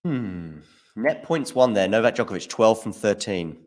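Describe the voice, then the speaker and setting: A man's voice: fairly low pitch, moderate pace. Chatty man calling a live tennis match. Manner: excitable on big points, chatty. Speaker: watchalong commentator.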